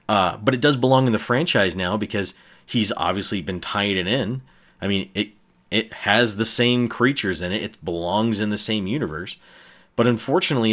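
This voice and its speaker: Low-voiced man in an exasperated rant. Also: fairly bright tone. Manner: exasperated, ranting, swears often. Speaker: film reviewer. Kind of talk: casual spoken movie review.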